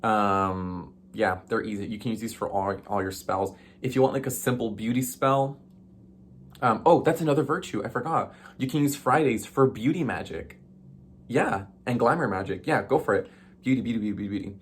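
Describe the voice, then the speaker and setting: A man's voice: on the low side, normal speed, slight background noise. Chatty, sassy man teaching spellwork. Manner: chatty and playful, with sassy asides and filler ums. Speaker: witchcraft video host. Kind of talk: casual tutorial talk.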